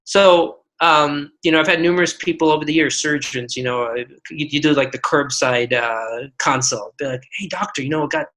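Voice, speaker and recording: An earnest man in his forties talks through his own stories as a podcast guest. His voice is bright and forward, and he often restarts his sentences as he works toward his point. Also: on the high side, fairly even intonation, normal speed, few pauses, a little hiss or hum, poor audio. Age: 40s. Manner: earnest, storytelling with many restarts. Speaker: guest physician. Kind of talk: podcast interview.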